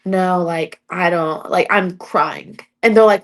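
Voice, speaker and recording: A woman's voice: on the low side, animated, slow, a bit bright. A young adult woman, an MMA fighter, chatting as a podcast guest and telling stories, with lots of "like" fillers. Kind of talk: casual interview storytelling.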